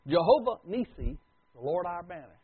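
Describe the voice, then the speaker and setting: Husky preacher on a tinny line. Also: male voice, high-pitched, sing-song, moderate pace. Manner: dramatic swings from loud to hushed. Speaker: pastor. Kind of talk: sermon. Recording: tinny phone-like recording.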